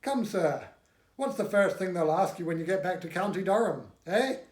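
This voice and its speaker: Man reading as an eager odd astronomer, earnest and pushy, fairly high voice, roomy echo. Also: lively intonation, moderate pace. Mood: insistent. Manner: earnest and insistent. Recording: echoey room.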